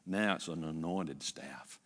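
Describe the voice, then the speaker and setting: An older man preaching a sermon as pastor, retelling a story with lively repetition. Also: very deep voice, slow, big-room sound. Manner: animated storytelling with repeated phrases. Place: church.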